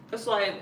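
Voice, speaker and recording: Slightly high-voiced, with a bit of background noise, a young woman gives a casual live tarot reading. She's blunt and rambling, her talk packed with filler words and curses.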